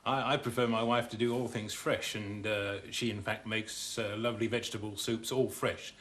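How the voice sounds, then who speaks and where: A man's voice: on the low side, level tone, normal speed, fairly bright tone, a little hiss or hum. An older man from Jersey, a guest chatting casually about food, hesitating with ums and uhs. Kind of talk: casual chat.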